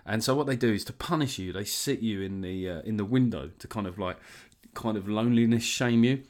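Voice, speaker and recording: A man's voice: lowish voice, brisk, darkish tone. A man hosting a podcast, talking in a rambling, sweary way with jokey asides. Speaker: podcast host. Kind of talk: casual solo monologue.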